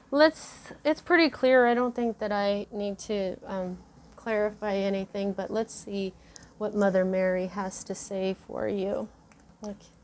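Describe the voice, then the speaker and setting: A woman's voice: medium pitch, a little hiss or hum. Earnest, rambling woman reading tarot. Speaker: tarot reader. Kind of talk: casual spoken tarot reading.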